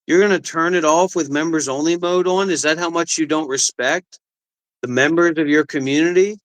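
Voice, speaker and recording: A man's voice: fairly high pitch, normal speed, low-quality recording. A man co-hosting a livestream, ranting and mocking in casual chat. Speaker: livestream co-host.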